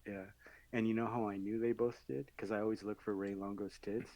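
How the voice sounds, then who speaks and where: A man's voice: lowish voice, little pitch movement, brisk, a little mellow, poor audio. Crude, jokey man in podcast banter. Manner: crude, jokey, laughs often. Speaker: podcast co-host. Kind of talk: casual chat.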